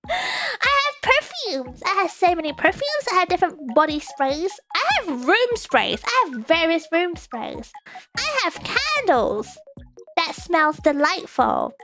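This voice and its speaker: A woman's voice: extremely high pitch, sing-song, a little slow, over music. A woman streamer chatting casually and reading viewer comments, giggly and playful with sudden squeals.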